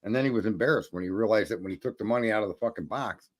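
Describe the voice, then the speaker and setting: Talking very fast in a lowish voice, a male stream host chats casually and tells stories. He's blunt, profane, and rambling.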